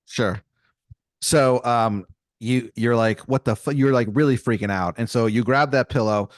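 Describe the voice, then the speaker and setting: A young man improvising a comic story on a podcast, rambling with many fillers and mock-dramatic pauses. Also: mid-range voice, dry recording, studio quality. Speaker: podcast co-host telling an improvised scenario.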